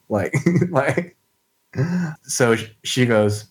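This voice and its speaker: A man takes part in a tabletop role-playing game as a player. He describes his character's actions in a casual, halting way, with frequent fillers. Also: medium pitch, lively intonation. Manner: hesitant, full of "like" fillers.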